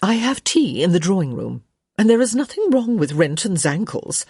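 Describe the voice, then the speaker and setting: A woman's voice: mid-range voice, sing-song, normal speed, a little mellow, slightly rough, no echo, studio quality. A woman voicing a middle-aged society mother who frets about her daughter's marriage, insistent and coaxing. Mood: anxious.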